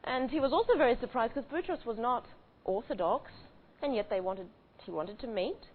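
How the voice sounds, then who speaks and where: A woman with a fairly high, animated voice retells a true story at a moderate pace. She speaks conversationally with frequent restarts and fillers, and the audio is tinny and phone-like with a faint hiss.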